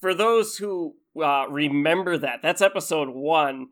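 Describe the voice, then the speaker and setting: A man's voice: a little high, unhurried, a bit bright. A man co-hosting a podcast in casual chat, easygoing and steering the talk with questions to his co-host.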